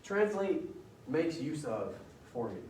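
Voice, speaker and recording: A man's voice: a little high, very animated, takes it slowly, darkish tone, slight background noise. Brief: man teaching a class, chatty and questioning, heard from across an echoey room. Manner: conversational, quizzes students with questions. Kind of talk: classroom lecture. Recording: roomy classroom audio from far off.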